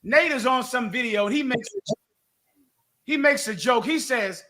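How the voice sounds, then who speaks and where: A man hosting a live talk show, mocking and animated as he rants. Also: very high-pitched, moderate pace, pauses often. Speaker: host. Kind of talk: heated live radio commentary.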